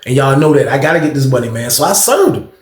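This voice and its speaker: A man's voice: medium pitch, sing-song, fast, a little hiss or hum. A man telling a story in a casual, slangy, rambling way, speaking straight to his listeners. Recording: echoey room.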